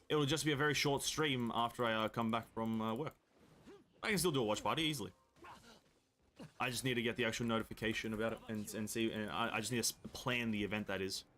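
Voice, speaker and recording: A man's voice: medium pitch, quick pace, fairly bright tone. Rambling Australian man chatting mid-game. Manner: rambling, restarts sentences, swears offhandedly. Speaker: game streamer. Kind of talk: casual chat while gaming.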